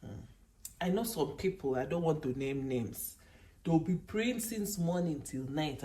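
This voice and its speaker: A woman's voice: low voice, lively intonation, unhurried, warm tone, far from the mic, slight background noise. A Nigerian woman hosting a live stream who exhorts her viewers in a preachy, emphatic way, often asking "hmm?" as she goes. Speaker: livestream host. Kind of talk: motivational live stream chat.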